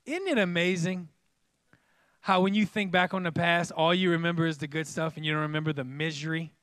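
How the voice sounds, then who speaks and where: High-voiced joking male preacher. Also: brisk, no room sound, studio quality. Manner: animated, joking, bursts into loud exclamations. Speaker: pastor. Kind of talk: sermon. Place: church.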